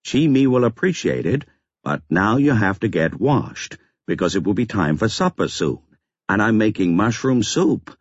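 A man voicing a calm, earnest and stiffly formal man in an audiobook, measured and precise, on a slightly dull lo-fi recording. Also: on the low side, husky, dry recording. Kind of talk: audiobook character voice.

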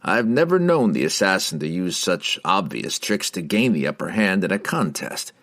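A man's voice: deep voice, big pitch swings, normal speed, a bit bright, full character voice. Oberon, a man doing a wry, eager wizard. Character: male wizard seen in a crystal ball, eager and wry.

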